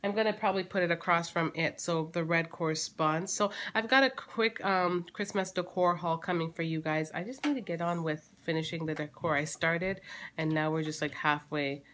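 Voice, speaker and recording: A woman in her thirties, a mother chatting casually at home for her family vlog, teasing and quick to laugh. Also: on the low side, fairly bright tone, slight background noise.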